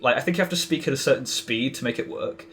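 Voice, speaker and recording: A man's voice: medium pitch, quick pace, fairly bright tone. Guy rambling thru an explanation on a podcast, lots of restarts, faint hiss behind. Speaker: podcast guest. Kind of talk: casual podcast conversation.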